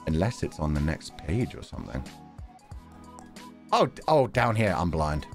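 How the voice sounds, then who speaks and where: A man's voice: a bass voice, big pitch swings, faint music behind. A young adult man streaming a game, chatting casually, joking around and laughing often. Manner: joking, rambling, quick to laugh.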